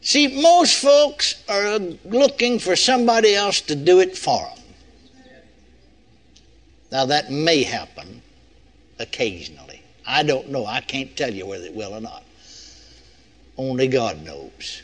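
A man's voice: medium pitch, lively intonation, measured pace, long pauses, a bit bright. An older man preaching a sermon in a folksy way, often putting rhetorical questions to his congregation.

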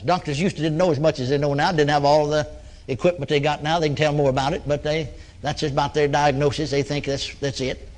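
A man's voice: on the high side, little pitch movement, a little fast, a little mellow. A man preaching in a folksy storytelling sermon, acting out his talks with people who came for prayer and chuckling between points. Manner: folksy, acts out dialogue with congregants.

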